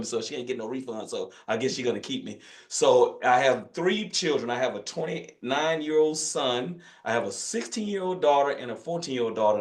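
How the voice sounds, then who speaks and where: A man's voice: medium pitch, reverberant. A man in his fifties from Northern Louisiana with a country accent, a physician talking casually in a webinar, folksy and joking. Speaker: physician guest speaker.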